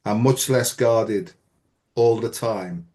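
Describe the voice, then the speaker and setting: Calm, fairly low-voiced male host. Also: slow pace. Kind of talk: casual conversation.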